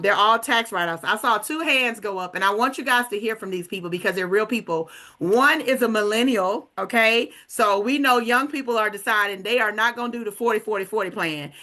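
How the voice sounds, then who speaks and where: Bright-voiced hyped woman recruiter. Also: medium pitch. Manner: hyped, addresses listeners as guys. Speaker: team leader hosting a recruitment call. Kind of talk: upbeat sales pitch.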